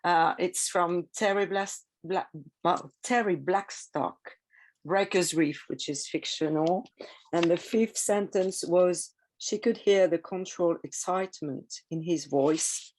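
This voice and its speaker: A woman sharing a short piece of her own fiction in a writing group, speaking slowly and hesitantly, correcting herself as she goes. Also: lowish voice, a little mellow, slight background noise. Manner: slow, hesitant, self-correcting. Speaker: workshop participant.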